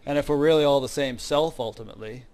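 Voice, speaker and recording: A man's voice: medium pitch, fast talker, a little mellow. A man hosting an interview, speaking reflectively in a casual spiritual conversation and giving short affirmations while his guest talks. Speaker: interview host.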